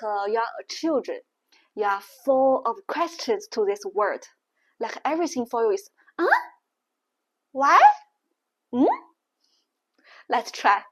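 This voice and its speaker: A woman teaching Mandarin tones in a language lesson, explaining slowly and deliberately. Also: a little high. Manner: slow, deliberate explaining with exaggerated tone demonstrations.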